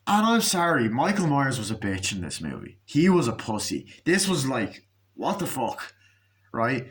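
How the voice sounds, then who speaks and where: Man, casual movie rant, sweary, sarcastic, mid-pitched voice. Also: sing-song, moderate pace, fairly bright tone. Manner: sweary, sarcastic, acts out scenes in mocking voices. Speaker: movie reviewer.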